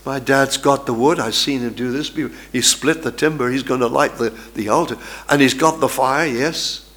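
A man's voice: mid-range voice, moderate pace, a bit bright, lightly acted. A preacher voicing a puzzled young boy.

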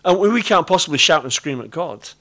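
A man's voice: a little high, lively intonation, fast, sharp tone. A middle-aged British man with a British accent, preaching a sermon in an earnest, conversational way and repeating key phrases. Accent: British English. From Britain.

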